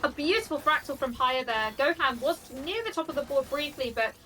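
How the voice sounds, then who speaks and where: A woman giving live tournament commentary on a competitive game, bubbly and quick to laugh. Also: sits high, animated, pushed and bright, low-quality recording. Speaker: esports commentator.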